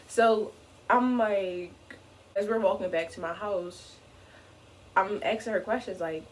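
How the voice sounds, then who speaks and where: A young adult woman vlogger telling a funny personal story in an animated way, often saying "like". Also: medium pitch, moderate pace, a little hiss or hum, low-quality recording. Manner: animated, fills speech with "like". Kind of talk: casual storytime.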